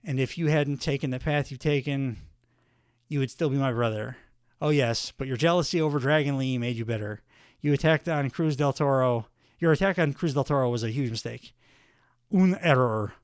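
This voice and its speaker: A man's voice: medium pitch, moderate pace, clear, resonant tone, no echo, clean studio sound, natural voice. A man voicing a proud wrestler issuing an earnest, stern warning. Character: impression of proud older male Latino wrestler.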